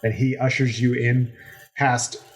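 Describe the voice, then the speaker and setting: A male game master narrating a tabletop role-play scene, lingering on descriptions and pausing on fillers. His delivery is slow and mid-pitched. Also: level tone, soft background music. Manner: unhurried, descriptive, many fillers.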